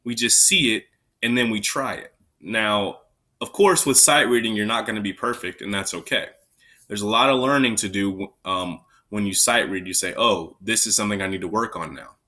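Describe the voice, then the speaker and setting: A man's voice: on the low side, normal speed, pushed and bright. A man teaching an elementary recorder lesson, counting students in and calling out note names step by step. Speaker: music teacher.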